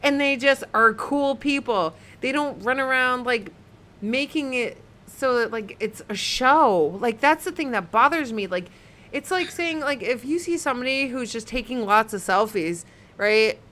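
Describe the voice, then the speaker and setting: A woman's voice: fairly high pitch, a little slow, fairly bright tone. A woman co-hosting a casual podcast, ranting heatedly and swearing a lot as she reads viewer comments. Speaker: podcast co-host.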